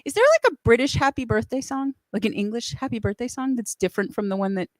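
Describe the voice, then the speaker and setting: Playful high-voiced woman host. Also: fast, a little mellow, no echo. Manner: playful, joking, chatty. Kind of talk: casual livestream chat.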